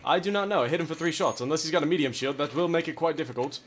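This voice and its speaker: A man putting on a courtly gentleman duelist. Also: a little high, very fast, a little hiss or hum, voice pushed up, close to an everyday voice. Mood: courtly, boisterous. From California. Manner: formal, courtly, keeps saying good sir. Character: overly polite old-fashioned male gentleman duelist. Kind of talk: in-game voice chat role-play.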